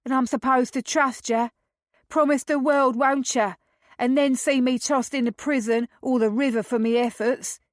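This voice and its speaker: A woman's voice: high voice, steady tone, normal speed, no room sound, clean studio sound, pitched above the performer's own voice, natural voice. A woman voicing a frail, defiant teenage boy with a Cockney accent who talks sullenly and shakily. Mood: distrustful.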